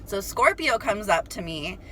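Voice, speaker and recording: A woman's voice: medium pitch, measured pace, a little hiss or hum, rough recording. A young woman telling a story to her viewers in a casual, chatty way, full of "like" and casual swearing. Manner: chatty, animated, heavy use of "like". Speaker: spiritual vlogger.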